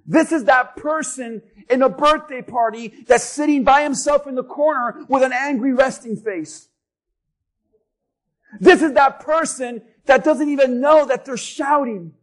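High-voiced emphatic male preacher. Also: measured pace, low-quality recording. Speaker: pastor. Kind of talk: sermon.

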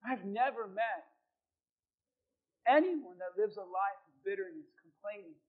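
A middle-aged man preaching a sermon as pastor, dramatic, at times shouting as he acts out prayers. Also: sits high, unhurried, narrow, tinny audio.

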